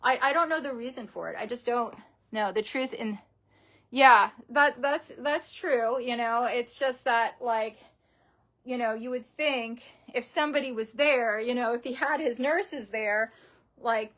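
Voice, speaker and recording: A young adult woman telling a painful personal story in a halting, upset way, full of restarts and fillers, grieving and close to tears. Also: on the high side, a bit bright. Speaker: vlogger.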